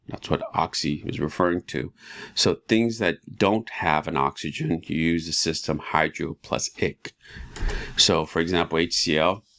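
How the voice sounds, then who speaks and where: A man teaching chemistry in a relaxed, casual lecture, walking students through each step and often asking "right?". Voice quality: very deep and gravelly. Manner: relaxed, talks students through steps with frequent rhetorical "right?".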